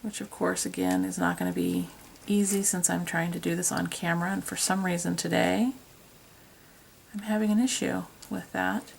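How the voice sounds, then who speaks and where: She's a craft tutorial host, casually narrating and teasing herself as she works with her hands in front of a tripod camera. Her low voice carries vocal fry and fairly even intonation at a normal speed, with slight background noise.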